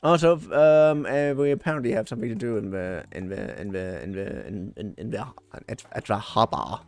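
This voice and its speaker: A man's voice: fairly low pitch, animated, moderate pace, vocal fry, darkish tone, no echo. Playful man streaming a game. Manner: chatty, playful, scattered. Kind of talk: casual game commentary.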